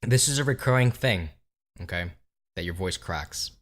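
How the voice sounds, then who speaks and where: A man co-hosting a podcast, chatting casually about video games in a relaxed, teasing way and swearing now and then. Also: low-pitched, normal speed. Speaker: podcast co-host.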